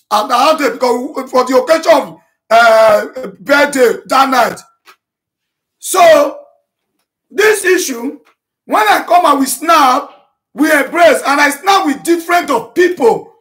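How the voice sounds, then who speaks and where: A man speaking Nigerian Pidgin English in an impassioned, repetitive monologue to his online audience, shouting and breaking into chanted vernacular as he rebuts accusations. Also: very high-pitched. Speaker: self-styled prophet addressing his online audience.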